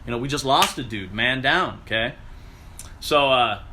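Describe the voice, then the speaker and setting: A man telling a story in a casual, animated way, swearing often and acting out what people said. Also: medium pitch, normal speed, noisy background. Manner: animated, profane, acts out quotes.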